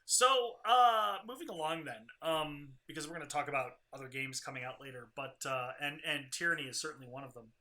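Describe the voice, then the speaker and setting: A man's voice: fairly high pitch, fairly quick, few pauses, pushed and bright. A man co-hosting a casual gaming podcast, giving rambling, opinionated commentary on game news. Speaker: co-host.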